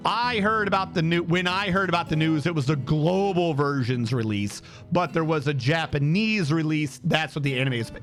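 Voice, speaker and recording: A man's voice: on the high side, moderate pace, few pauses, a bit bright, faint music behind. A man streaming a game, chatting casually in a rambling, incredulous way, with lots of restarts and asides.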